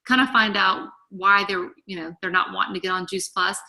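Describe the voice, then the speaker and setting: A woman's voice: medium pitch, steady tone, a little fast, sharp tone. A woman leading a group call, coaching her team in an eager, chatty, encouraging way. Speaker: team leader.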